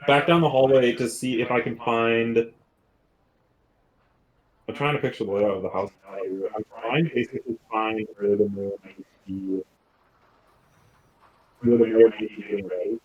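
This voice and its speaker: A man's voice: lowish voice, normal speed, pauses often, low-quality recording. Casual joking man at a game table. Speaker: player.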